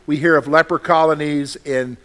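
Speaking to his congregation in a conversational sermon, this pastor repeats phrases and asks them questions. He has a fairly high, slightly bright voice with fairly even intonation at normal speed.

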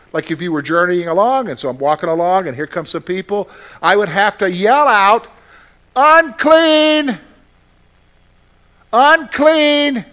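In a high, somewhat bright voice, a pastor preaches conversationally, repeating phrases and questioning the congregation.

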